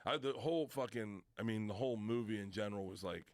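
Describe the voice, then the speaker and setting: A man guest on a podcast, telling comic stories loudly, swearing freely and laughing often. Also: fairly low pitch, quick pace, no room sound. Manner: loud, profane comic storytelling full of laughter. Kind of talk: casual podcast chat.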